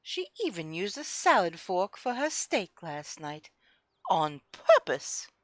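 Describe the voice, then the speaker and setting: A woman's voice: on the low side, sing-song, slow, no echo. A woman putting on an ultra snobby lady. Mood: haughty. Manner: haughty, prim letter-reading voice. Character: ultra snobby, hoity-toity upper-class lady.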